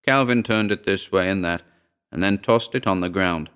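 A man narrating a short story in a steady, measured reading. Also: sits low, clean tone.

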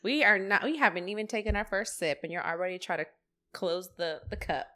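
A woman co-hosting a casual chat while tasting whiskey, teasing and reacting quickly. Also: mid-range voice, bright, forceful tone. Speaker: podcast co-host.

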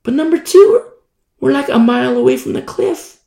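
A man preaching a sermon, telling a story with lively energy and acting out shouted warnings. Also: very high-pitched, fairly quick, vocal fry. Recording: echoey room.

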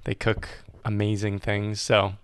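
A man co-hosting a podcast, talking about a show in a relaxed, rambling way. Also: fairly low pitch, unhurried, clean tone, no echo. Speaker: podcast co-host. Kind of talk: casual chat.

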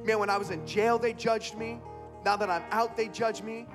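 A man voicing an angry tattooed ex-convict who is yelling bitter threats into his phone. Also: high-pitched, steady tone, moderate pace, music in the background, voice pushed up, natural voice.

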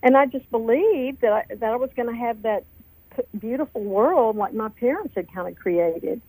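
A woman's voice: on the high side, normal speed, dark tone, husky, dry recording, low-quality recording. Chatty woman telling her story. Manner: chatty, earnest, tells stories with quoted dialogue. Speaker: author and guest. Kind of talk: radio interview storytelling.

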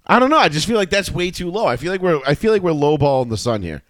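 A man's voice: a little high, big pitch swings, quick pace, dry recording. Rambling profane man, dry close sound. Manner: loose, profane, rambling with many fillers. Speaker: podcast co-host. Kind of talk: casual chat.

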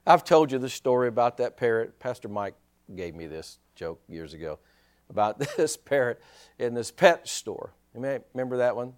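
Animated preacher man, pitch swinging widely. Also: moderate pace, clean tone. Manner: animated, rhetorical questions, chuckling asides. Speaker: pastor. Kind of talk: sermon.

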